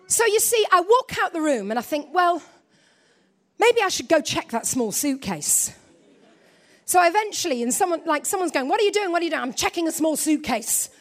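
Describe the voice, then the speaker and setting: A woman preaching a sermon, telling a story with lively delivery and quiet low asides.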